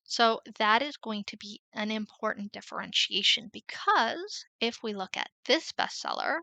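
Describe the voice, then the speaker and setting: A woman's voice: a little high, animated, gravelly, bright, forceful tone, dry recording. A woman, talking through a screen-share lesson in a chatty, explanatory way. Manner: chatty, explanatory, drawn-out emphasis. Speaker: Etsy selling coach.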